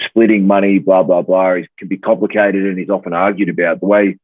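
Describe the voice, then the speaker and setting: A man's voice: low voice, flat delivery, brisk, no echo. Laid-back Australian man on a tinny line. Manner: easygoing, laughs easily, hedges with "I think" and "you know". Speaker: podcast guest, rugby player. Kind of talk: casual chat. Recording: dry tinny phone-like call audio.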